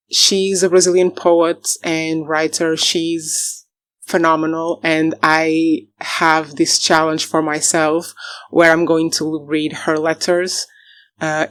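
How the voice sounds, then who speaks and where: A woman's voice: low voice, no echo. Chatty woman book vlogger, dry sound. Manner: chatty and enthusiastic, laughs often; rambling, self-correcting asides. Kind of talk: casual book vlog chat.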